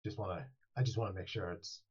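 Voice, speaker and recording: A man's voice: sits low, fairly even intonation, quick pace. A man running a tabletop game as game master, rambling and playful, often restarting his sentences, on a dull, lo-fi mic.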